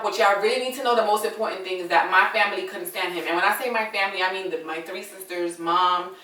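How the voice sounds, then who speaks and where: A woman's voice: mid-range voice, fairly bright tone, echoey room, far from the mic, low-quality recording. A young adult woman telling a story in a casual, dramatic way and talking straight to her viewers. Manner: chatty, dramatic, addresses viewers as y'all.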